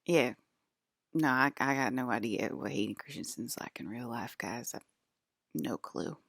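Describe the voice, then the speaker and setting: A woman's voice: a bass voice, normal speed, gravelly, fairly bright tone, no room sound, studio quality. A woman vlogging to her camera in a loose, rambling monologue, laughing often and swearing freely.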